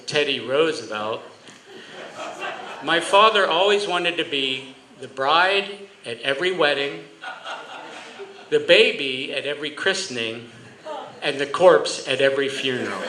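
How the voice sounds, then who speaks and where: A man, a judge, giving a humorous roast speech for his father, telling stories with comic timing and deadpan asides. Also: fairly high pitch, roomy sound, low-quality recording.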